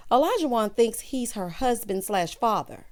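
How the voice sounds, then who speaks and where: A woman, talking through a reality show recap. She is sassy and animated, and she slips into changed voices when she quotes people. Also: on the high side, moderate pace. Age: 30s. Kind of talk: casual recap commentary.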